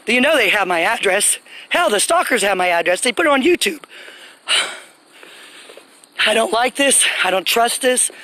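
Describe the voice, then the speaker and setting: Woman, livestream rant, agitated and emphatic, bright tense voice, phone mic outdoors. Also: on the high side, rough recording.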